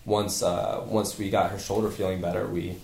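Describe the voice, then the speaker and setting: A fairly low-pitched man talks as a guest on a casual podcast, full of energy and rambling through fillers and restarts. The room around him is echoey. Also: flat delivery, normal speed, creaky, darkish tone. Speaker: physical therapy clinic owner, guest.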